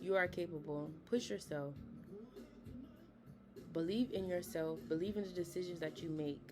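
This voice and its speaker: A young woman hosting a podcast, chatting in a casual, earnest and encouraging way, with frequent fillers. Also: lowish voice. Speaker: podcast host. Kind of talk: casual motivational talk.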